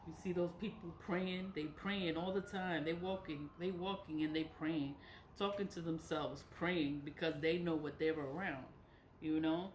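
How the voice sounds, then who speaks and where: A woman's voice: low-pitched, fairly even intonation, measured pace, roomy sound, slight background noise. A woman talking straight to her viewers in a casual monologue, repeating her warnings with emphasis, swearing freely and laughing between points. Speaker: nonprofit director giving spiritual warnings. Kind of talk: casual spoken monologue to camera.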